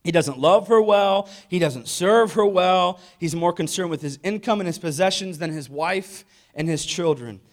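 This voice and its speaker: A man's voice: high-pitched, normal speed, hardly any pauses. A man giving a humorous sermon-style talk, joking and asking the audience questions. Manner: jokey, asks the audience questions.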